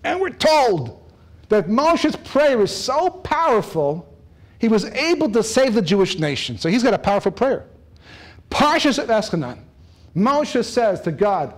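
A man giving a Torah lecture, animated, joking and laughing as he acts out dialogue. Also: very high-pitched, unhurried. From lives in Israel. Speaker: rabbi giving a Torah talk. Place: lecture room.

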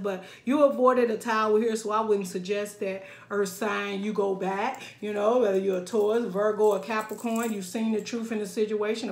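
A woman giving a casual tarot reading in an animated way, laughing often and acting out quoted lines. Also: mid-range voice, roomy sound. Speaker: tarot reader.

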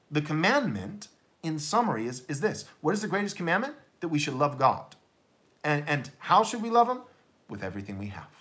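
A man preaching a sermon as pastor, blunt and emphatic, often restarting his words in quick repeats. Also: fairly high pitch, a bit bright.

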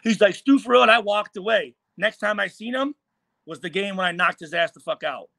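A man's voice: high-pitched, a little fast, vocal fry, pushed and bright, dry recording. A man in his forties from Michigan, a former football player, telling a profane, heated story and acting out what was said. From Michigan, USA. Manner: profane, heated, acts out quoted lines. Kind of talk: animated storytelling.

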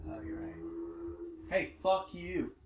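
A man co-hosting a let's-play, giving casual commentary and ranting loudly with heavy swearing at the game. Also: sits high, fairly even intonation, slow, lo-fi sound, very noisy. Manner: loud profane ranting at the game.

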